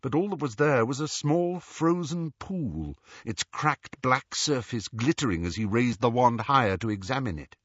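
A man reading a novel aloud as a narrator, telling it expressively and dropping to a hush in quiet passages. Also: mid-range voice, moderate pace, hardly any pauses, no room sound, dull audio. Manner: expressive storytelling with hushed passages. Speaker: audiobook narrator. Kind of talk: scripted narration.

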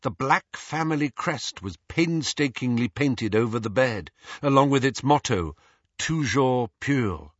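A man narrating an audiobook with expressive, varied storytelling. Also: mid-range voice, normal speed, dry recording. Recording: dull lo-fi dry audio.

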